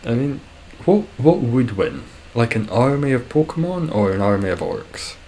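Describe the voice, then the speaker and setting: A man's voice: medium pitch, sing-song, normal speed, mellow, slight background noise, rough recording. A young man streaming a game, chatting casually with viewers in a rambling, self-deprecating way.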